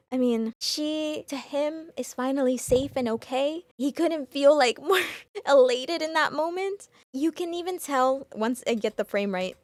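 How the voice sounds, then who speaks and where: A woman hosting a reaction video, talking emotionally and stumbling over her words as she gets excited. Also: high-pitched, no room sound, clean studio sound.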